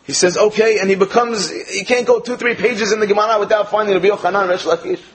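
An American man giving a sermon-style Torah talk, telling a joke with animated quoted lines before turning to his lesson. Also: high voice, fast talker, poor audio. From United States. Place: speaking in England.

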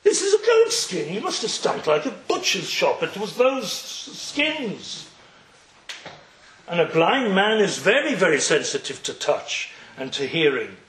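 A man with a high, swooping voice leads a Torah class. He tells the story with animation, slipping into the characters and peppering his listeners with questions. The room around him rings with echo. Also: measured pace. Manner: animated, acts out the characters, asks rhetorical questions. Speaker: religious teacher.

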